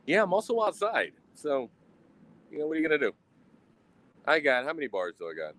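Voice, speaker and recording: A man's voice: a little high, wildly swooping pitch, a little fast, a bit bright, poor audio. A man hosting a casual livestream outdoors at a grill, talking in a profane, rambling, self-mocking way into a phone. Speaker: livestream host.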